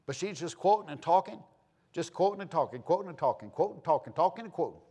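A man's voice: a little high, quick pace, breathy edge. Folksy preacher man, big swings. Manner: folksy, animated storytelling with sudden loud and soft swings. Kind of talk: sermon with storytelling.

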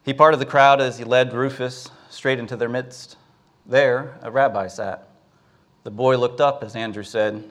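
A preacher tells a Bible story as part of his sermon. He narrates at an unhurried pace in a mid-range voice and now and then pauses on filler words. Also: medium pitch, fairly even intonation, a bit bright.

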